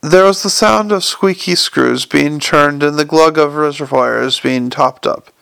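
A man's voice: fairly high pitch, unhurried, vocal fry, fairly bright tone, smooth, no room sound. A man narrating an audiobook, reading with occasional stumbles and restarts. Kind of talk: scripted narration.

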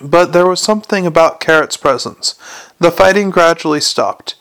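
Gravelly guy reading a funny fantasy book out loud, slightly high voice, wry. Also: moderate pace. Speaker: narrator. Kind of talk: audiobook narration.

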